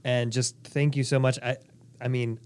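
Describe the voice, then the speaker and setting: A man's voice: medium pitch, flat delivery, moderate pace, darkish tone. A man co-hosting a podcast sounds grateful and easygoing as he wraps up with the guest. His tone stays light as he brings up the show's closing question. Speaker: co-host.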